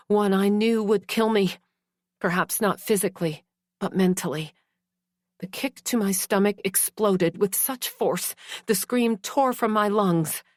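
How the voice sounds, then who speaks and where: A woman narrating a dark romance in first person, anguished and at times breathy. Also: lowish voice, dry recording, studio quality.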